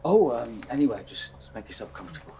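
An actor playing an awkward, polite office worker who talks hesitantly and stammers. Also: male voice, mid-range voice, big pitch swings, fast, mellow, slight background noise, lightly acted.

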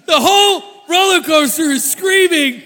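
A man telling a funny personal story to an audience, animated and laughing often mid-sentence. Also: very high voice, unhurried, big-room sound.

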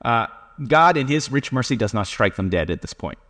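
A man's voice: mid-range voice, animated, normal speed, a bit bright. Guy giving a chatty sermon, lots of uhs, jokes at his own expense, big echoey church. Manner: conversational, self-deprecating, many fillers. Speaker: preacher. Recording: reverberant hall.

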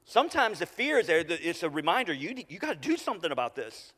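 A middle-aged male pastor preaches in a casual, conversational way, restarting phrases and sliding into soft repeated lines. His voice sits a little high for a man. The sound carries a long, ringing reverb from a big hall. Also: big pitch swings. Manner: conversational, halting restarts, drops to quiet repetition. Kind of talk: sermon. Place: church sanctuary.

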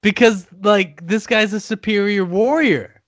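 A man's voice: high voice, measured pace, no room sound, clean studio sound. A man co-hosting a casual movie chat in a laid-back way, sharing trivia and swearing casually. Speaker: podcast co-host.

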